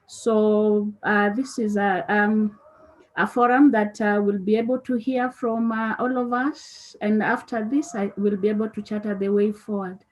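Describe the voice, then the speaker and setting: A woman's voice: medium pitch, steady tone, measured pace, rough recording. A woman director giving formal remarks over an online link, hesitant, with many fillers. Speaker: company director. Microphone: remote online link.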